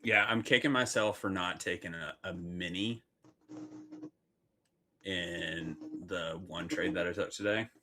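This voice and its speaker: A man with a fairly low, sharp and forceful voice talks loosely on a live stream, swearing freely between laughs. A faint hiss sits under his speech. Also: measured pace, pauses often. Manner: profane, laughing, reacts to chat. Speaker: live trading stream host. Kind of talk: casual chat on a live stream.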